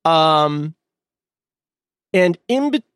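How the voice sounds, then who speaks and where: A man's voice: fairly high pitch, sing-song, drawn-out words, a bit bright, clear, resonant tone, dry recording, clean studio sound. A man hosting a podcast, chatting casually and rambling with fillers. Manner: rambling, loose, with many fillers and restarts. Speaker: podcast host. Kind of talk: casual chat.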